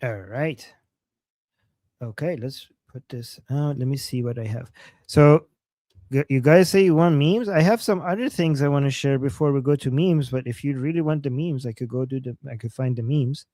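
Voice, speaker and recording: Male livestream co-host, animated, stumbling restarts, dry close-miked voice. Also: medium pitch, moderate pace, no echo. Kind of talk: casual livestream chat.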